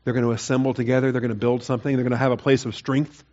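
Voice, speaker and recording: A man's voice: medium pitch, flat delivery, rapid-fire, a little mellow, highs cut off. A man preaching a Bible sermon in a conversational way, rising to emphatic, mocking quotes of the people. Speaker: pastor. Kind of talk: expository sermon.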